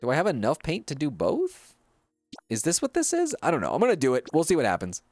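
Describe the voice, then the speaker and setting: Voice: mid-range voice, wildly swooping pitch, fast, darkish tone, dry recording, soft background music. A gaming streamer giving chatty, giggly play-by-play commentary with lots of fillers. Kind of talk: casual gameplay commentary.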